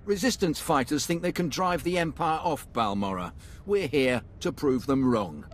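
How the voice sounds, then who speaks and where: A man's voice: on the high side, animated, normal speed. An actor playing a confident male imperial army captain in a video game, with a slick salesman-like delivery. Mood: brisk. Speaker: military officer in a game. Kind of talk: game voice acting.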